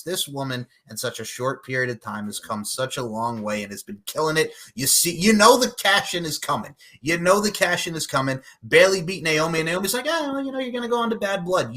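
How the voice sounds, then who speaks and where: A man hosts a casual podcast chat with a loud, joking energy, often bursting into hype shouts and quoted lyrics. His voice is bright and forceful, sitting at an ordinary pitch for a man. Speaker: podcast host.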